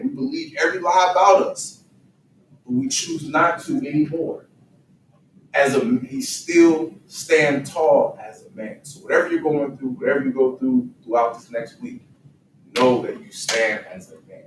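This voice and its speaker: Emphatic man leading a youth group, echoey room. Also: medium pitch. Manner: call-and-response, emphatic and preaching. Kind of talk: motivational talk to young men. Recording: distant mic in echoey room with faint noise.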